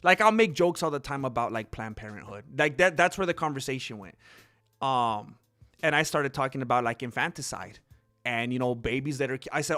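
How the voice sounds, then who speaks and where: A man hosting a live stream, rambling casually to viewers and calling the fight with excitable outbursts. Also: medium pitch, a little fast. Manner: rambling, talkative, addresses viewers as bro; excitable, loud bursts when reacting.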